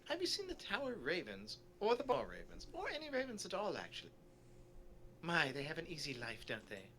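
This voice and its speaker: A gushing, genteel older noblewoman chatters about the tour, put on by a man reading game dialogue aloud. The voice swoops up and down with a bright, forward tone. A faint hum sits under it. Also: high voice, wildly swooping pitch, brisk, voice pushed up, exaggerated voice. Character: chatty posh older noblewoman, Lady Cheswick.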